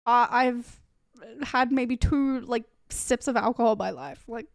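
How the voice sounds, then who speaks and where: Young streamer girl, slightly high voice, smooth and clear, rambles and swears a lot. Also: a little slow, dry recording, studio quality. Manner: rambling, full of fillers and swearing. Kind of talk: casual storytelling on a live stream.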